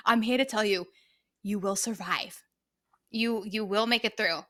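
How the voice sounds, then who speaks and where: A woman co-hosting a casual podcast with a bright, forward voice. She speaks emphatically and motivationally, hammering points home by repeating short phrases. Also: mid-range voice, moderate pace. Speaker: podcast co-host.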